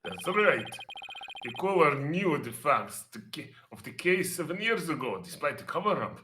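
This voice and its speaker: A man's voice: sits high, sing-song, moderate pace, noisy background. A man doing a proud Russian space director. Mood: solemn. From Poland. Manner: put-on Russian accent, grandiose. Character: proud male space center director, middle-aged. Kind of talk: fan voice-acting of a game script. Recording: roomy echo with music behind.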